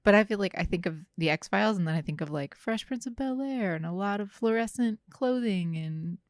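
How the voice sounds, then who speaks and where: A woman's voice: medium pitch, animated, a little fast, dry recording, studio quality. A woman co-hosting a podcast, reacting to a story with teasing, amused remarks. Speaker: podcast co-host. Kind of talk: casual chat.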